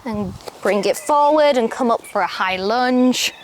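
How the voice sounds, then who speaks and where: Woman yoga instructor, high bright voice, calm step-by-step cues, faint outdoor birdsong behind. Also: a little slow, slight background noise. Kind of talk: guided yoga class instruction. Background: faint outdoor ambience with birdsong.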